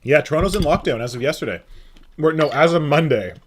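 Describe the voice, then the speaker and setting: A man's voice: on the high side, animated, quick pace, slight background noise. A man hosting a casual live stream, joking and reading out viewers' names. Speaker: stream host.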